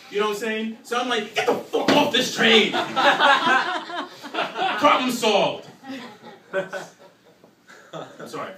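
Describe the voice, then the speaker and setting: A young man doing a live stand-up routine, telling animated stories and shouting his punchlines. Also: a little high. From New York. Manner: animated storytelling with shouted punchlines and frequent "you know what I'm saying". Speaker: stand-up comedian. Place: small live venue. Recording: roomy, distant, noisy live recording.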